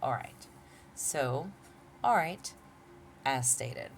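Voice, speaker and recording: A woman's voice: very deep voice, animated, very slow, gravelly, faint music behind. A woman hosting a casual tarot reading from home, chatty, laughing often and saying y'all. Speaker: tarot reader, channel host.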